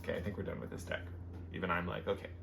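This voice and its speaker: A man with a lowish, gravelly voice gushes through a casual tarot reading for his viewers. He sounds effusive and excitable about each card he turns. Behind him sits a clear, steady hiss of background noise. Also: rapid-fire.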